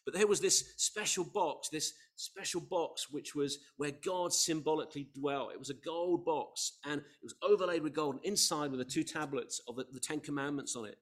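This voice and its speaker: A man preaching a Sunday sermon to his congregation, earnest and emphatic, rising to loud peaks and dropping to quiet, with small restarts. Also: fairly high pitch, moderate pace, few pauses. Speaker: pastor.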